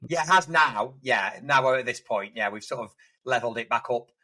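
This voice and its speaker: A man's voice: medium pitch, brisk, sharp tone, low-quality recording. A man co-hosting a casual podcast, telling rambling work anecdotes with lots of restarts. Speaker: podcast co-host, estate agent.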